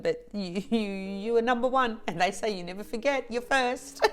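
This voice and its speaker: A woman vlogger chatting to camera, slow and halting with restarts and soft laughs, teary and emotional. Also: fairly low pitch, faint music behind. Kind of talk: emotional casual chat to camera.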